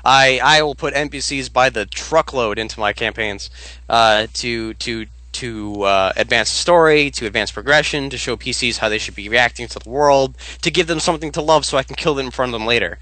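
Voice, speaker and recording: A man's voice: medium pitch, brisk, sharp tone, dry recording, low-quality recording. A man co-hosting a casual podcast about tabletop games, giving his views as a game master in an emphatic, opinionated way.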